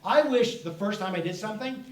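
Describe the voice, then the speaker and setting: Speaking fairly quickly in a high-pitched voice, a middle-aged male author entertains children with playful stories at a festival. The event room echoes, the mic sits far from him, and a crowd can be heard in the background along with faint noise.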